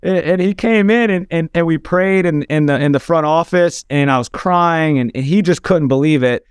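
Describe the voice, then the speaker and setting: A man's voice: on the high side, moderate pace, clean tone, no echo, studio quality. A man telling an emotional personal story as a podcast guest, earnest, with frequent restarts.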